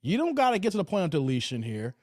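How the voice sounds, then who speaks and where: A man's voice: a little high, quick pace, no room sound, studio quality. A man hosting a live reaction stream, giving his take on clips, laughing and reading out comments from chat. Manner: animated, laughing, talks to chat and reads out comments.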